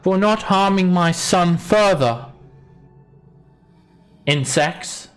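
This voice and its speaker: A man voicing a booming giantess mother. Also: soft background music. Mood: stern. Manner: booming and slow, calls others insects. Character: huge protective giant mother, proud.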